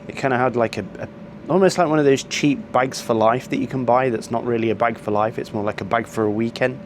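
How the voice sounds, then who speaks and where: Man, casual vlog storytelling, rambling complaints, lots of ums, middle pitch, faint background hiss. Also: fast. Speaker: travel vlogger.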